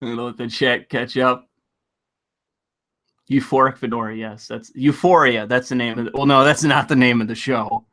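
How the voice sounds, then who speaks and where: Bright-voiced man ranting on a livestream. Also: mid-range voice, fairly even intonation, normal speed. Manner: rambling, profane, laughs often. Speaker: livestream host. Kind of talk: casual live-stream chat.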